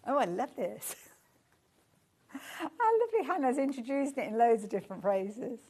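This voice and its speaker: A woman presenting a live shopping show, chatting warmly about the items and reacting to viewer comments with gushing enthusiasm. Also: on the high side, sing-song, moderate pace, slightly rough.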